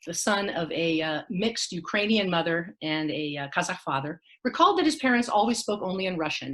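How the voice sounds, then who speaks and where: A woman's voice: fairly low pitch, fairly bright tone. A woman giving an academic lecture online, reading from a prepared text with the odd filler. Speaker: academic speaker. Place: online talk.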